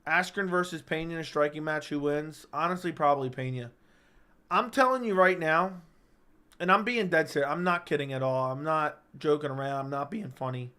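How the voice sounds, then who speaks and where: A man's voice: fairly high pitch, a little fast, bright, forceful tone, clear, resonant tone. A young man hosting a live-stream chat, rambling and joking as he reads viewer comments aloud.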